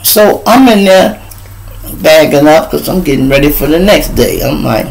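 A man hosting a live street show, telling a profane story in heavy slang, swinging between loud outbursts and low asides. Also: normal speed, vocal fry, poor audio.

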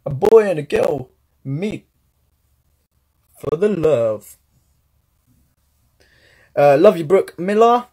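A man's voice: a little high, lively intonation, slow, pauses often, warm tone, slightly rough. Playful young British male streamer. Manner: playful, reads out fan gifts and comments, teasing banter. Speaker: live streamer. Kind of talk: casual live-stream chat.

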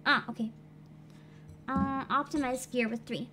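A woman streaming a video game, chatting casually, excitable and giggly, and swearing freely. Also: sits high, measured pace, background noise. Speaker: VTuber streamer. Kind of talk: casual gaming livestream chat.

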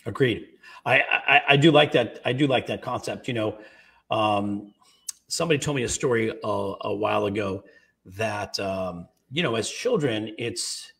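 A man in his late fifties co-hosting a podcast, speaking haltingly with many restarts and close to tears. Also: lowish voice, vocal fry, fairly bright tone, recorded from a distance. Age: 50s. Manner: halting, many restarts, tearing up as he tells a story. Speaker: podcast co-host. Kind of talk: casual podcast chat.

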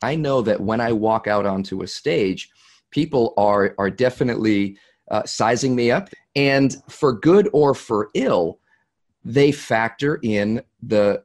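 A man with a Boston accent interviewing a guest, asking reflective questions. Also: on the low side. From Boston, New England.

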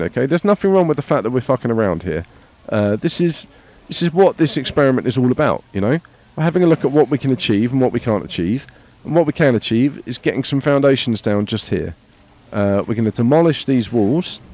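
A man's voice: mid-range voice, expressive, quick pace, a little mellow. A man hosting a casual let's-play, rambling, joking and swearing freely as he plays. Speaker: gaming channel host.

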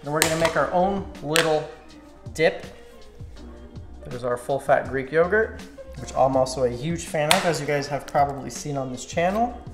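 A man's voice: a little high, normal speed. Slovak guy doing a cooking vlog in his kitchen, chill, echoey room, music under it. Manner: relaxed, talks viewers through each step. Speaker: cooking channel host. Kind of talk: casual cooking demonstration. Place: home kitchen. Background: background music, clinking dishes.

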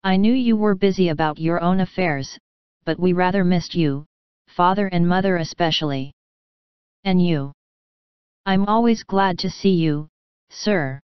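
A woman voicing a spirited, proud young woman with quick, bright replies. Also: fairly low pitch, clear, resonant tone, no echo, dull audio, lightly acted. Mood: eager.

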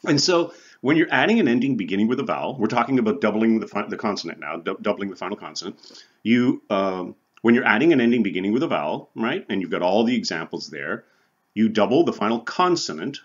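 A male college instructor with a husky, fairly low voice, giving a recorded lecture. His pitch swings widely as he explains, and he keeps checking in with "right?" and "okay?" The audio is dull and muffled. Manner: conversational, repeats "right?" and "okay?" often, chuckles. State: sweating from the heat. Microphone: recording for online viewers.

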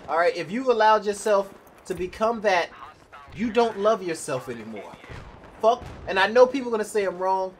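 A man's voice: sits high, animated, normal speed, slight background noise. A young man ranting bluntly and profanely while commenting on his own gameplay. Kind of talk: live gameplay commentary rant.

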